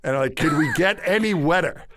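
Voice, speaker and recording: Chuckling storyteller man, fairly high voice. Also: lively intonation, moderate pace, fairly bright tone, slight background noise. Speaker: podcast co-host. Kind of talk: casual storytelling.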